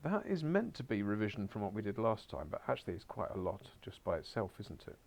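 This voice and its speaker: Low, gravelly man teaching a class. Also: sing-song, brisk, a little mellow. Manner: coaxing, wry asides, drops to muttered whispers. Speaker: Spanish teacher. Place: school classroom.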